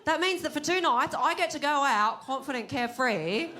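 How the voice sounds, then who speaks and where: A woman's voice: high voice, lively intonation, moderate pace. An Australian woman doing stand-up comedy into a handheld mic, teasing the audience with incredulous questions and laughing as she talks. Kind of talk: stand-up crowd work. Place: comedy venue with a live audience. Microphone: handheld microphone. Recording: live club recording, loud crowd noise.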